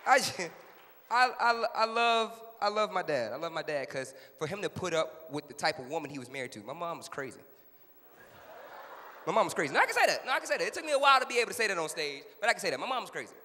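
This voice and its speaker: A male stand-up comedian telling a family story live, animated and repeating his punchlines. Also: high-pitched, fast talker, in a large hall, some chatter behind, slight background noise.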